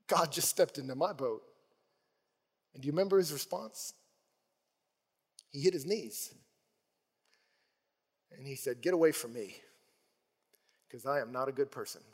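A man's voice: fairly high pitch, moderate pace, pauses often, in a large hall. A male pastor preaching a sermon, retelling scenes and acting out the voices in them. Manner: animated storytelling, acts out voices in quotes.

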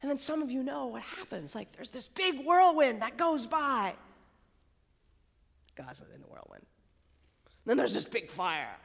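A woman preaching a sermon at a college worship service in a conversational, chatty way, sometimes dropping to a soft whisper. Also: fairly high pitch, sing-song, normal speed, gravelly, pauses often, breathy edge, in a large hall. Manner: conversational, chatty, tag questions and "like"; drops to a soft whisper for emphasis. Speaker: campus preacher.

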